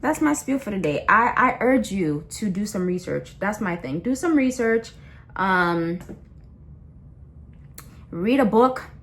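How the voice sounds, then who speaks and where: A woman's voice: medium pitch, animated, slow pace, long pauses. A young adult woman in a blunt, impassioned rant, slangy and full of repeats and restarts. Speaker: vlogger. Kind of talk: casual ranting monologue.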